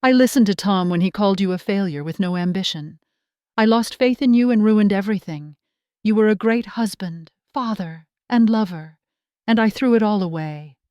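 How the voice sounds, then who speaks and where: A woman voicing a middle-aged ex-wife who talks softly, pleading and apologetic. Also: mid-range voice, normal speed, no echo, muffled recording, close to an everyday voice. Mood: remorseful.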